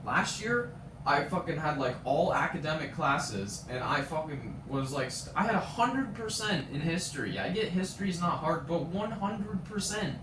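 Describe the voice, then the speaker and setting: A man's voice: a little high, lively intonation, moderate pace, background noise. A young man in his late teens ranting on a live stream, indignant and profane, telling stories with acted quotes. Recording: roomy, from a distance, faint ambience.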